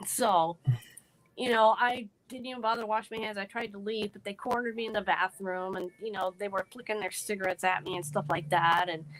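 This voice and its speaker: A woman's voice: mid-range voice, steady tone, a bit bright, rough recording. Earnest woman telling a personal story. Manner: halting, earnest, restarts often. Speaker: podcast guest.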